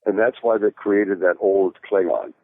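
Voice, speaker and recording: A man's voice: deep voice, normal speed, no room sound. A man, an actor being interviewed, telling a story in a rambling, casual way with plenty of fillers and restarts. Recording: tinny phone-like call audio.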